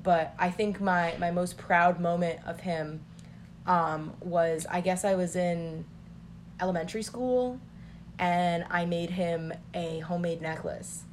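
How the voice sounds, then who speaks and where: A woman's voice: lowish voice, fairly even intonation, measured pace, a little hiss or hum. A young woman telling family stories in casual chat, rambling with many filler words.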